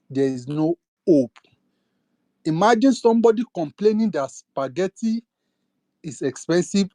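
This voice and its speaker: A young man with a Nigerian accent delivers an impassioned political rant in an online audio space, firing off indignant rhetorical questions. His voice is high-pitched with a darkish tone and no echo.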